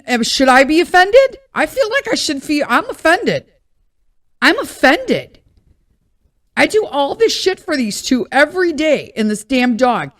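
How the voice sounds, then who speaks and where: Exasperated woman venting, slightly high. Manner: exasperated, blunt, swears freely. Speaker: podcast host. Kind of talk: casual venting monologue.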